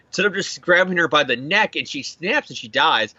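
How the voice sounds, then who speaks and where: A young man breezes through a comic recap, swearing freely and slipping into quick character voices. His voice is bright and fairly high. The recording is dry and a little dull, with no room sound. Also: slightly rough, no echo. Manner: animated, swearing, acts out characters in quick bits. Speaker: comic podcast co-host. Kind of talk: casual comic recap chat.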